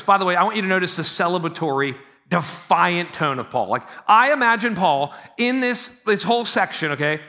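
Man preaching, high voice, bright tone, animated, chatty asides to the congregation. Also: fairly quick. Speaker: pastor. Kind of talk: sermon.

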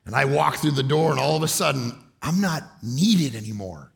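A middle-aged male pastor preaching a sermon, telling animated stories and often shouting for emphasis. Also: medium pitch, normal speed, gravelly. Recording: long hall reverb.

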